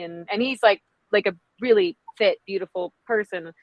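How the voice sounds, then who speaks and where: A woman's voice: mid-range voice, moderate pace, hardly any pauses, dry recording, highs cut off. A woman singer chatting openly as an interview guest, full of "like" and "you know". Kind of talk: casual interview chat.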